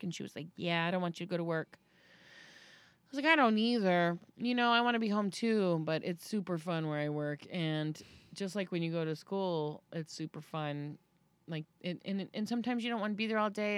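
A woman in her thirties chatting casually as a podcast host, telling a story and acting out quotes with sudden high-pitched jumps. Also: no echo. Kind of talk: casual chat.

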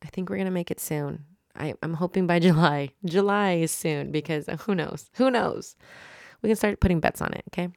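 A woman's voice: on the low side, fairly quick, hardly any pauses, darkish tone, no echo, studio quality. A woman hosting a solo podcast, rambling and chatty in a casual, self-mocking monologue. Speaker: podcast host.

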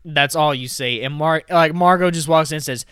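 A man co-hosting a movie podcast retells a plot in a loose, chatty way, full of "like" and "you know." His voice is bright and clear. It sits close and dry on the mic. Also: on the high side, dry recording. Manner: retells scenes with quick quoted voices, many fillers. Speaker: podcast co-host. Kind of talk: casual movie recap.

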